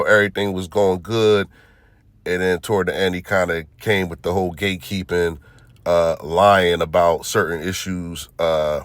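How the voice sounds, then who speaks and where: Deep-voiced man giving casual commentary. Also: no echo, clean studio sound. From Philadelphia. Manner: conversational, heavy fillers, rhetorical asides. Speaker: channel host.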